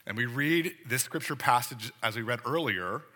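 Bright-voiced preacher in a reverberant church. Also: male voice, medium pitch, lively intonation, moderate pace. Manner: conversational preaching with rhetorical questions. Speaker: pastor. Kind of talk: sermon. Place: church sanctuary.

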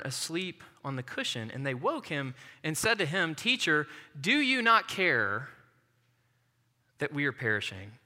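A man's voice: a little high, sharp tone, in a large hall. A man preaching a sermon as a pastor, talking in an earnest, conversational way and mixing in personal stories. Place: church.

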